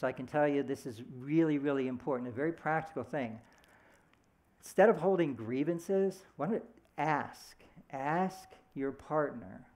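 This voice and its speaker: A middle-aged man giving a sermon in a conversational, storytelling way, slipping into short voiced quotes. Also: medium pitch. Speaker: speaker at a church service.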